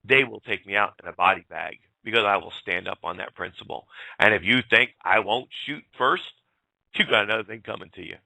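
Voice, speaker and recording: A man's voice: medium pitch, creaky, sharp tone, no echo. A man hosting a talk radio show, ranting bluntly and addressing his listeners as folks. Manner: blunt, fired-up, swears and addresses folks directly. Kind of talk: casual talk radio rant.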